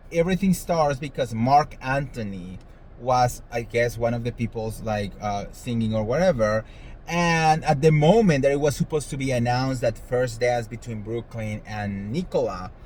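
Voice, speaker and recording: A man's voice: mid-range voice, slight background noise, poor audio. A man hosting a celebrity gossip show, talking casually in a sassy, dramatic way and swearing freely. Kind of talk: casual commentary monologue.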